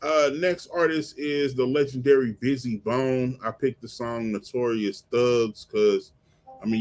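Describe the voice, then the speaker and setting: Excitable male podcast host, stumbles over repeated words, middle pitch. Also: normal speed. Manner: animated, repeats words when excited, acts out lyrics. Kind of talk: casual chat, music commentary.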